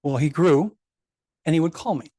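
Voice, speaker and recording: This memorial speech comes from a photographer in their sixties at a meeting house, who wanders through anecdotes and repeats others' dialogue. Their mellow, mid-range voice keeps a normal speed with no echo.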